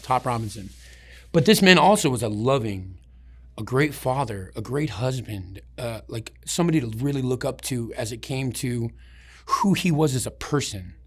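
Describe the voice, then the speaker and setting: A man telling old army stories in an interview, loose and profane, his sentences breaking off and starting again. His voice sits at an ordinary middle pitch for a man. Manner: profane, rambling, many restarts. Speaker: interview subject, army veteran. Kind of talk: casual storytelling.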